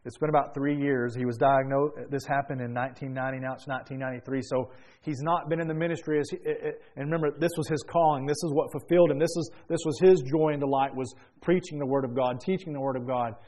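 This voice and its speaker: A man preaching a sermon, telling a story quietly and then rising into loud, fervent praise. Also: mid-range voice, fairly even intonation, fast talker.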